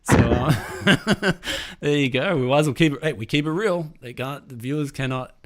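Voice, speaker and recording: A man's voice: mid-range voice, normal speed. An Australian man hosting a tech live stream, chatting casually with lots of slang. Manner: laid-back, slangy, lots of "like" and "dude". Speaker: tech channel host. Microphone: streaming mic, remote call.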